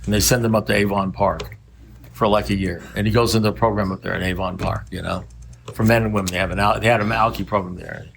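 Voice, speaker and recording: Older man, gravelly voice, recovery meeting speaker, rambling wry anecdotes, blunt. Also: lowish voice, fairly even intonation, fast talker, slight background noise.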